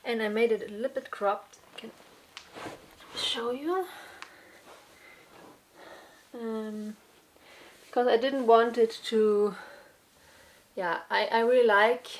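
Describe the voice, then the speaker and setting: On a relaxed crafts podcast, the young woman hosting speaks in a voice on the high side. Her casual chat is unhurried and full of fillers and restarts, and now and then she sounds a little breathless.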